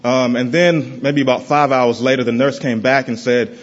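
Halting man giving a church testimony. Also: fairly even intonation, dull audio. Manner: halting, with many pauses and restarts, often dropping soft and low. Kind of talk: personal testimony to a congregation. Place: church in front of a congregation.

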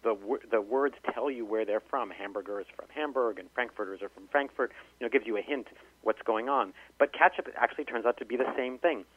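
A man's voice: mid-range voice, brisk, breathy edge. A man, an author and linguist, storytelling in a phone-in interview with many restarts. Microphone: telephone. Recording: tinny phone line.

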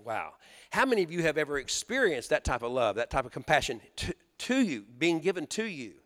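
Folksy preaching man, high lively voice. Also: fairly quick, big-room sound. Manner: folksy, storytelling, rhetorical questions to the congregation. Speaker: pastor. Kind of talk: sermon.

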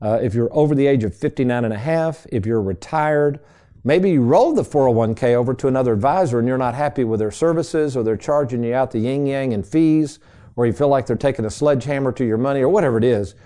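A middle-aged man talks fast in a warm, medium-pitched voice. He's telling casual stories on his financial radio show, folksy and chatty, calling the audience folks.

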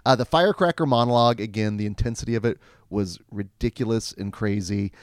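A man's voice: on the low side, brisk, no echo, studio quality. A man co-hosting a casual film discussion, analytical and full of film references.

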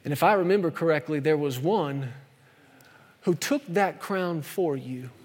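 A man preaching a sermon, emphatic and full of rhetorical questions, sometimes racing, sometimes slowing right down. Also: fairly high pitch, breathy edge, in a large hall. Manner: emphatic, rhetorical questions, shifts between fast and slow delivery.

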